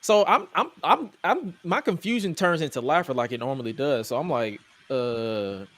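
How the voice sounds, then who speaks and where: Animated man recapping wrestling. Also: fairly high pitch, a little fast, dry recording. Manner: animated, incredulous, joking. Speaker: podcast host.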